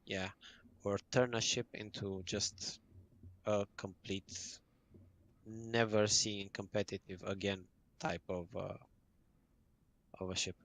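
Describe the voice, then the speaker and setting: Low-voiced guest guy breaking down game tactics, casual chat. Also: flat delivery, slow pace, long pauses, fairly bright tone. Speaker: podcast guest.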